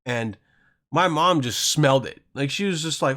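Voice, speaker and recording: A man from Europe rambles through a casual podcast monologue. He swears constantly and trips over his own sentences. His voice sits somewhat high for a man. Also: normal speed, a bit bright. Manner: rambling, crude, swears constantly, self-interrupting. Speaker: podcast host.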